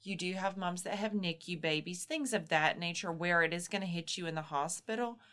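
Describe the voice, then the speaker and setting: A woman's voice: fairly low pitch, a little fast, fairly bright tone. A woman co-hosting a podcast, explaining things in a reassuring, plain way and sometimes acting out what a mother thinks. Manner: explanatory, reassuring, acts out moms' inner voices. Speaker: podcast co-host explaining postpartum health. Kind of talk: casual podcast chat.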